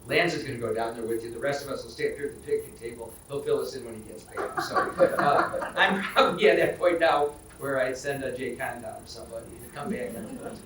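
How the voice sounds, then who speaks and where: Brisk, wry man chairing a meeting. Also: medium pitch, fairly bright tone, a little hiss or hum. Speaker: board chair. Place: county board meeting room. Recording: roomy, distant meeting-hall mic.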